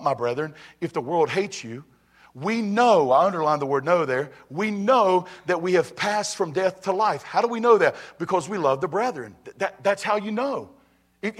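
A man's voice: sits high, fairly bright tone. A male pastor preaching a conversational sermon to his church, often repeating phrases and asking the congregation if they are ready. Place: church sanctuary.

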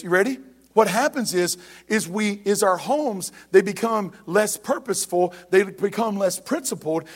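A man preaching a sermon as pastor, emphatic and repetitive, speaking straight to the congregation. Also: high-pitched.

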